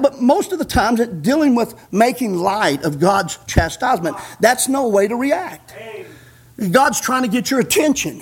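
A man preaching a sermon in a folksy way, chuckling, dropping in "amen" and rising to shouts. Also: very high-pitched, husky. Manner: punctuates with "amen".

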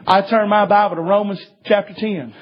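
A man preaching a sermon, telling a story in a folksy way and swinging from hushed tones to shouts. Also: sits high, fairly even intonation, moderate pace, husky. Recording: dull lo-fi recording.

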